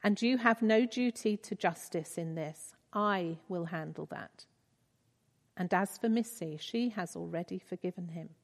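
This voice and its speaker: A woman reading the lines of a gentle, fatherly God figure in a tender, reassuring way. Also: on the low side, measured pace, creaky. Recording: reverberant hall.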